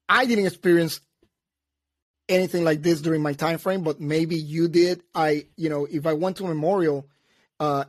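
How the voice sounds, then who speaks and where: A man's voice: fairly high pitch, no room sound, clean studio sound. A man hosting a casual conversation, earnest and repeating himself for emphasis.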